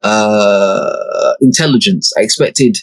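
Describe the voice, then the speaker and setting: A man's voice: lowish voice, takes it slowly, dry recording, soft background music, low-quality recording. A young man, hosting a podcast and telling a story in a laid-back, slangy way with plenty of swearing. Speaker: podcast host. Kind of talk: casual storytelling.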